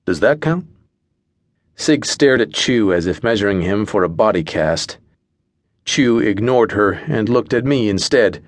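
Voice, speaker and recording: A man's voice: lowish voice, a little slow, no echo. Dry, wry male audiobook narrator. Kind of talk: first-person audiobook narration.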